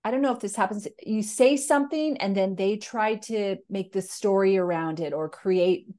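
Woman podcast host, relaxed casual interviewer asking open questions. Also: mid-range voice, moderate pace.

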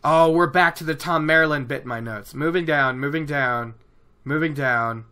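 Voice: medium pitch, moderate pace, bright, forceful tone. A host casually recapping a fantasy novel chapter, chatty and rambling, with lots of fillers. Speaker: book podcast host.

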